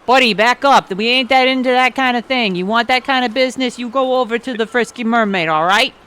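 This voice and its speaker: A woman doing a gruff Brooklyn dock thug. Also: on the high side, fairly quick, a bit bright, slight background noise, voice pushed up, close to an everyday voice. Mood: dismissive. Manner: gruff, swearing. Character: gruff pirate dock guard, rude and aggressive.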